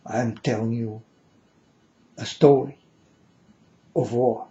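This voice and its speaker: A man's voice: medium pitch, steady tone, slow, warm tone, dull audio. A man giving an earnest, solemn monologue to his viewers, repeatedly calling them folks. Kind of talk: emotional monologue to camera.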